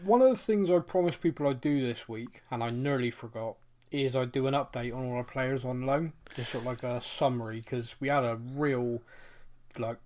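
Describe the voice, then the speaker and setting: A man hosting a casual podcast chat, relaxed and quick to agree with his co-host. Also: medium pitch. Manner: relaxed, brief agreeing replies.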